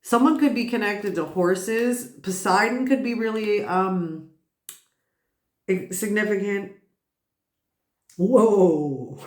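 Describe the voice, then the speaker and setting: A woman's voice: mid-range voice, lively intonation, unhurried, reverberant. A woman giving a casual tarot reading, rambling and swearing, who keeps bursting out laughing. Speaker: tarot reader.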